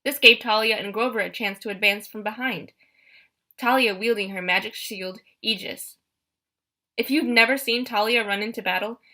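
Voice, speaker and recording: A woman reading a first-person adventure audiobook in a brisk, expressive storytelling way. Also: medium pitch. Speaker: audiobook narrator.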